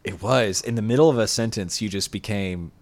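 A man's voice: on the low side, a little fast. A man co-hosting a podcast in casual chat, hesitant and stammering, and often laughing. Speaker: podcast co-host.

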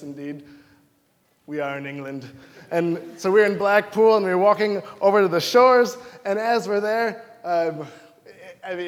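A young man from Wisconsin preaches in a high, bright-ringing voice, telling his stories in an animated way and acting out his own lines. The sound carries the long reverb of a church hall. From Wisconsin, United States. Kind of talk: sermon with personal stories.

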